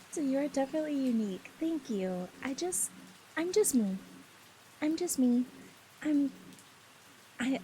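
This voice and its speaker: Soft-spoken woman streamer, rain behind. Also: fairly high pitch, slight background noise, rough recording. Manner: soft, affectionate, giggly. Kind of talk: casual chat reading messages aloud.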